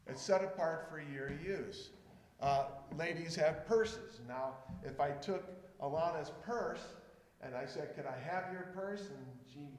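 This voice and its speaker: A man preaching a sermon with animated delivery, swinging between loud emphasis and quiet asides. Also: on the high side, measured pace. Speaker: pastor. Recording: echoey hall with faint room noise.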